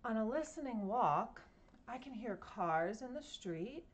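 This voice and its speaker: A woman's voice: a little high, expressive, measured pace. A woman reading a picture book aloud to children at home, playfully imitating sounds and asking her listeners questions. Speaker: storytime reader.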